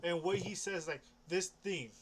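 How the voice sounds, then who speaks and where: A man's voice: sits high, moderate pace, slight background noise. A young man rambling casually about comics, hesitant, restarting often and swearing offhandedly. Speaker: comic book vlogger.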